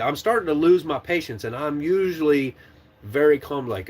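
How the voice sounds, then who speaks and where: A man's voice: on the high side, moderate pace. A man who trains truck drivers, telling a story casually. He swears freely and laughs as he talks. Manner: animated, swears and laughs while retelling.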